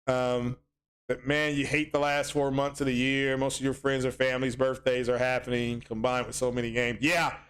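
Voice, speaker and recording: A man's voice: medium pitch, level tone, normal speed, fairly bright tone, clear, resonant tone. A man hosting a casual gaming livestream, rambling with many ums and restarts as he reads chat aloud.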